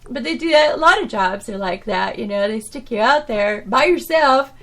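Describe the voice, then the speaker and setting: Woman, podcast host, somewhat high voice, rambling, animated, casual storytelling. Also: normal speed. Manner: rambling, with many restarts and "you know"s; animated, swinging from loud to soft.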